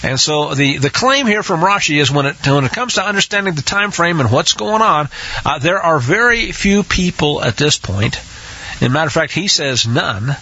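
A man's voice: a little high, expressive, normal speed, pushed and bright. A man teaching a scripture study, hesitant with many restarts and acting out the quotes, on a dull lo-fi recording. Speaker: Bible teacher.

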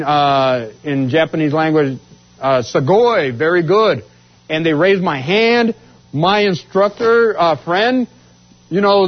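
A man from Washington state tells his testimony in a lively, animated storytelling voice that jumps up in pitch when he acts out others' words. His voice sits a little high for a man. The recording is muffled and lo-fi. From Washington state, USA. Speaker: speaker giving a testimony. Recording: dull lo-fi sound.

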